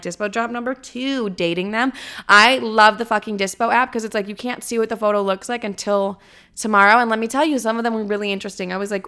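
A woman's voice: mid-range voice, a bit bright, smooth. A young woman, telling a story in a casual, profane monologue full of "like" fillers. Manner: chatty, profane, frequent "like" fillers. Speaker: podcast host.

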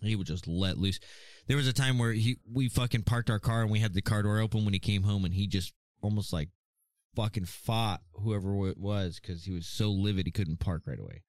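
A man's voice: fairly low pitch, brisk, no echo. A man co-hosting a podcast, telling casual, profane, rambling stories. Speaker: podcast co-host. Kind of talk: casual chat.

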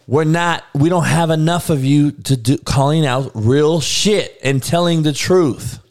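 A man's voice: a little high, unhurried, darkish tone. Profane, heated man ranting. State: irritated. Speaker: show host. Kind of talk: ranting monologue.

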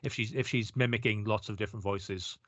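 A man, co-hosting a casual film podcast, muses out loud and restarts his sentences often. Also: on the low side, fairly even intonation, no echo. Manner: quick, musing, restarts often. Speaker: podcast co-host. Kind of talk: casual film review chat.

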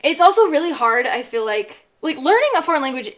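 A woman's voice: high voice, sing-song, a little fast. A young woman co-hosting a podcast, chatting casually and rambling with lots of fillers. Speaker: podcast co-host. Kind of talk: casual chat.

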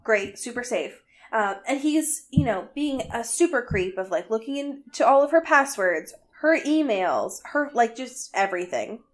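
A woman's voice: a little high, sing-song, normal speed. A young woman co-hosting a podcast, recapping a book in a casual, sarcastic way with lots of "um" and "like" and some swearing. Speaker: podcast co-host.

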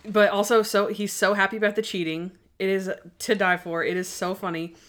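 Woman, podcast co-host, casual chat, animated, middle pitch. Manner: animated, quotes characters in quick bursts.

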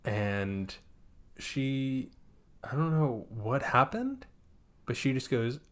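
A man co-hosting a casual movie review podcast, retelling scenes in an animated way. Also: mid-range voice, slow. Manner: animated, acts out scenes in exaggerated voices. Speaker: podcast co-host.

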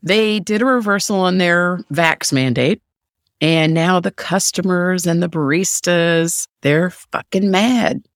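A man's voice: high-pitched, takes it slowly, fairly bright tone, dry recording, studio quality. A middle-aged man hosting a podcast, ranting solo in a sarcastic, profane way. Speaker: podcast host. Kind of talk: solo opinion rant.

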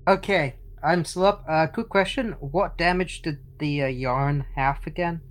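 A tabletop game player talks in a mid-range voice. The delivery is low-key, with asides trailing off into mutters. The pace stays casual and unhurried.

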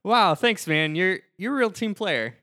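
Bright man steering podcast banter. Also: high-pitched, expressive, a little slow. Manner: dry, steers the talk with quips. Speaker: podcast host. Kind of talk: casual comedic chat.

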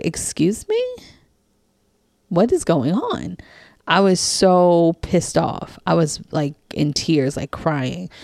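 A woman, a life coach and psychic reader, telling a personal story in a chatty way, acting out what people said in lively quoted voices and filling her talk with "like". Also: deep voice, no room sound, studio quality. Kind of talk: casual storytelling monologue.

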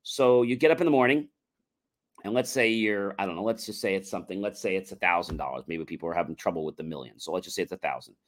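A man's voice: deep voice, quick pace. Man coaching with repeated self-talk phrases. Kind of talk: motivational talk-show explanation.

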